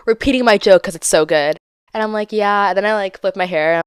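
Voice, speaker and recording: Animated young woman telling a story. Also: medium pitch, fast, clean tone, no echo, studio quality. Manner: animated, dramatic, acts out quotes with exaggerated voices. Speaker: podcast host. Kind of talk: casual storytelling monologue.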